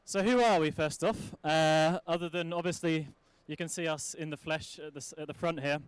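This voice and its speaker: A man giving a conference talk in a smooth, resonant voice that sits slightly high. He is chatty and jokey, with plenty of uhs between phrases. The sound is close and dry. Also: steady tone, moderate pace, no echo. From United Kingdom. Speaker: conference presenter.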